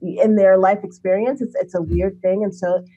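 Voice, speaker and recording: A woman in an interview, talking in an animated way and laughing often. She acts out the people she quotes, jumping her pitch up for each of them. Her voice sits at a middle pitch. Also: normal speed, breathy edge, muffled recording. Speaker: interview guest, runner. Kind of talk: conversational interview.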